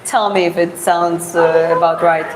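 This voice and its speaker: A woman's voice: fairly low pitch, fairly even intonation, unhurried, a loud crowd, low-quality recording. A woman from Georgia with a Georgian accent, a non-native English speaker chatting casually with viewers in a rambling, filler-heavy way. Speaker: vlogger streaming live. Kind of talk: casual chat answering viewer questions. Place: walking outdoors on city streets.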